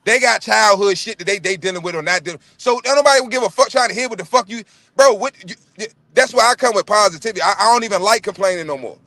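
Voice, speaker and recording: Blunt, profane man ranting, high bright voice. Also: quick pace, no room sound. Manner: profane, blunt, emphatic, repeats himself. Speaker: livestream panelist. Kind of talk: heated casual rant. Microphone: remote livestream call.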